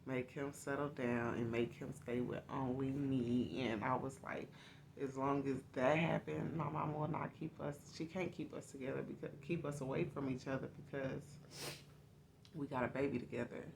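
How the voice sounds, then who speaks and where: A woman's voice: extremely low pitch, fairly even intonation, moderate pace, vocal fry, noisy background. A woman host telling her own life story to her viewers in a candid, confiding, casual way.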